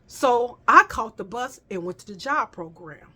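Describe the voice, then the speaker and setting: Casual storytelling woman, slightly high voice. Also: measured pace. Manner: animated storytelling, addresses viewers as y'all. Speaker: vlogger.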